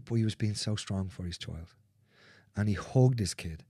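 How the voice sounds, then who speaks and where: A man speaking as a guest in a candid conversation, earnest and repetitive, swearing freely and dropping into soft, near-whispered phrases. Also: on the low side, normal speed, breathy edge, dry recording, studio quality.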